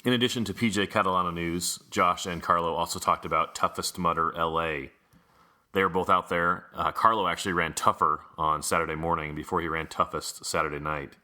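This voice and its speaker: Podcast host, male, low register, very bright tone, dry matter-of-fact delivery. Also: fairly even intonation, a little fast. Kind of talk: casual news rundown.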